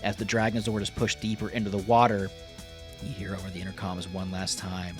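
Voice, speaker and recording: A man's voice: sits low, completely flat delivery, a little fast, music in the background. A man narrating as game master of a tabletop game, casual with filler and swearing.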